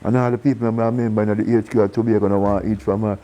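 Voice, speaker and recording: A man with a Jamaican accent spins stories in a relaxed interview, his voice sitting low and warm. He is animated and theatrical, slipping into the voices of the people he describes and breaking into laughter. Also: racing, rough recording. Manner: animated storyteller who acts out quoted voices and laughs often. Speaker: reggae singer being interviewed. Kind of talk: casual storytelling in an interview.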